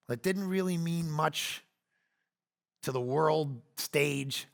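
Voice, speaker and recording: A man in his forties preaching a sermon, animated, swinging between loud bursts and quiet asides. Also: mid-range voice, gravelly. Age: 40s. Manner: acts out quoted lines in playful voices. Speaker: pastor.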